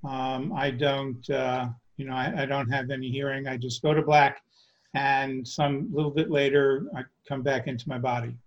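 A man explaining his trance channeling in a soft, hesitant, casual way. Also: mid-range voice, flat delivery, normal speed, muffled recording. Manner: soft-spoken, hesitant, lots of ums. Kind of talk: casual chat.

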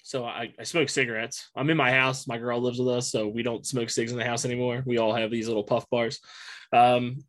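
A man's voice: medium pitch, little pitch movement, a little fast, a bit bright. A young man rambling through casual chat, swearing freely and laughing often. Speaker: guest.

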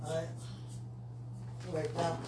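A woman's voice: low voice, completely flat delivery, takes it slowly, very noisy. A middle-aged woman speaking an emotional, repetitive prayer aloud, pleading and talking to herself.

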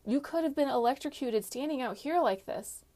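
A woman voicing a charming young prince who speaks in a measured, placating way, in an audiobook reading. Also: sits high, lively intonation, warm tone, voice pushed up. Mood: urgent. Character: young man, a charming prince, careful and gentle.

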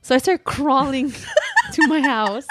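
A woman in her thirties telling a story in casual podcast chat, animated and laughing, full of "like". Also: sits high, takes it slowly, a little hiss or hum. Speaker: podcast co-host.

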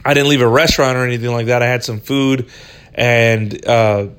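A man's voice: medium pitch, steady tone, normal speed, fairly bright tone, clear, resonant tone. A man hosting a podcast, telling a personal story in a loose, rambling way, swearing freely and leaning on "dude" and "right?". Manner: profane, rambling, says "dude" and "right?" often. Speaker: podcast host. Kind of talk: casual storytelling.

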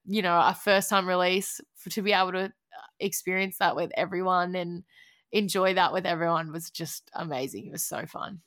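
Bright-voiced Australian woman, gushing. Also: medium pitch. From Gold Coast, Australia. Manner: gushing, emotional, swears freely, laughs often. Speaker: musician guest. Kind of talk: casual podcast chat.

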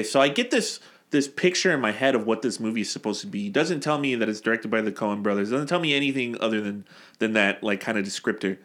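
A man's voice: medium pitch, animated, fast talker, sharp tone. A man in his thirties co-hosting a movie podcast, easygoing in casual chat and recalling things in a rambling way. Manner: easygoing, affirming listener, rambling recollection. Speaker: podcast co-host.

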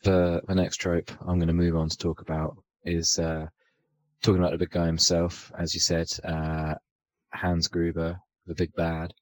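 Deep-voiced man chatting about films. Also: completely flat delivery, normal speed, darkish tone, rough recording. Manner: rambling, hesitant, many fillers and restarts. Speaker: podcast co-host. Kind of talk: casual film discussion.

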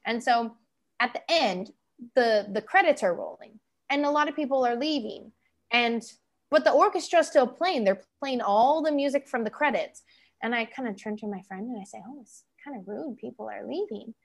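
A woman from Canada telling stories in a casual chat, acting out the people she quotes and laughing often. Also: moderate pace. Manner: animated, acts out quoted people in higher voices, laughs often.

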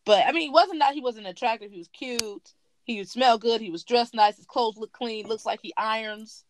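Animated young woman telling a story. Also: a little high, moderate pace, slight background noise. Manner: animated, acts out quotes, laughs often. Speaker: podcast co-host. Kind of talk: casual storytelling chat.

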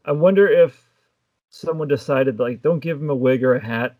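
A man co-hosting a casual film podcast, talking in a relaxed way with wry asides. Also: mid-range voice, normal speed, muffled recording. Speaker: podcast co-host.

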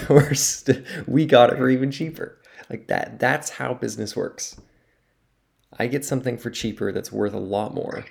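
A man co-hosting a business podcast, explaining deals in a relaxed, casual chat and recommending books. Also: fairly low pitch, creaky. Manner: relaxed, wraps up and gives recommendations. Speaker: podcast co-host.

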